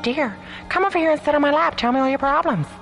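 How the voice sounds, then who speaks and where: A performer playing a bumbling, flirty character in a radio serial parody. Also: female voice, high-pitched, fast talker, a bit bright. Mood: flustered. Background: music.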